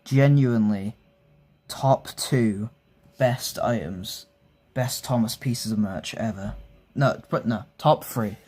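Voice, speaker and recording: Casual male toy reviewer, rambling and excitable, husky mellow voice. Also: lowish voice, slow. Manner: rambling, excitable, self-interrupting.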